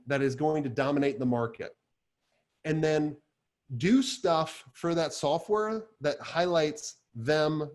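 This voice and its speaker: A man with a fairly high voice speaks to a live audience as an agency coach. He talks in a lively, chatty way, telling stories and filling his speech with fillers. He sounds like a high-energy presenter. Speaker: agency coach giving a talk.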